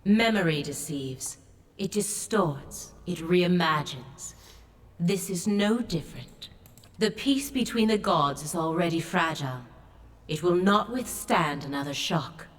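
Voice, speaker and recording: A grave, ancient sea goddess speaks in a solemn, commanding way from a video game. Her voice sits very low and heavy. Each word is slow and measured. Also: lively intonation. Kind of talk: game voice acting.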